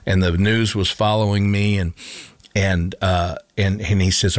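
Deep-voiced man telling his story earnestly. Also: measured pace, no room sound. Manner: earnest storytelling with restarts and repetition. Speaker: interview guest, former coach. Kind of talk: personal testimony in conversation.

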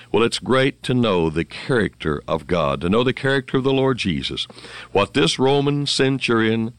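A man preaching a radio sermon, emphatic and fervent, with halting restarts and quoted scripture. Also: deep voice, animated, fairly bright tone, no room sound.

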